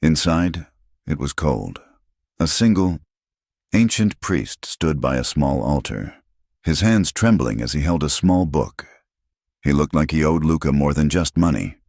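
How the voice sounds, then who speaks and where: A man reads a first-person story aloud in a steady, dramatic storytelling manner. His voice is extremely deep, yet his pitch moves in a lively way. The sound is dry and close to the mic. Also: measured pace, no room sound. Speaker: audiobook narrator. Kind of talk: scripted first-person narration.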